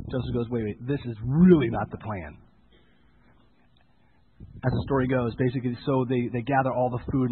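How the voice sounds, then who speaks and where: A man preaching a sermon, retelling a Bible story with lively storytelling and acted-out lines for the characters. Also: medium pitch, big-room sound, a little hiss or hum. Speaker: pastor. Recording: tinny phone-like sound.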